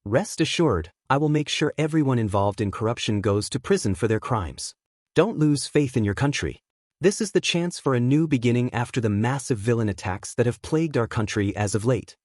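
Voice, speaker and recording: A man's voice: medium pitch, expressive, brisk, a little mellow, no echo, clean studio sound, natural voice. A man playing a solemn head of government. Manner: formal, solemn speech.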